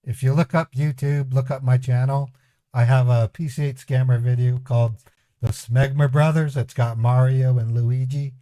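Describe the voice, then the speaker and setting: A man's voice: medium pitch, fairly even intonation, normal speed, mellow, dry recording. A man hosting a scambaiting livestream, telling rambling family anecdotes to his chat with a chuckle and voiced quotes. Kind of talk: casual storytelling to a live chat.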